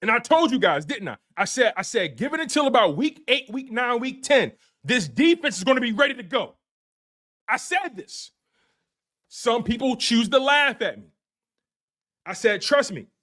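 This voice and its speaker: A high, bouncing man's voice with a Philadelphia accent rides the celebration after a win, hyped and slangy and quick to laugh. He circles back on his own phrases and talks straight to his live audience as the show's host. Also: very animated, bright, forceful tone. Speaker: sports show host. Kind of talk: excited live post-game rant.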